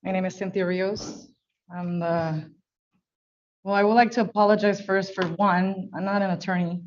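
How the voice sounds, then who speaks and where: A woman speaking English as her second language, a business owner testifying before a board in a halting, earnest, emotional way. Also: mid-range voice, fairly even intonation, lo-fi sound, slight background noise. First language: not English. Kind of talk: testimony at a public hearing. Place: hearing room.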